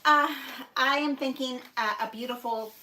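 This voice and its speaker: A woman hosting a paper crafting livestream from her home craft room, chatting excitedly and gushing to viewers, recorded on a phone. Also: on the high side, moderate pace. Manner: bubbly, gushing, squealing with excitement. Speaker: paper crafting channel host. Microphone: phone on a stand.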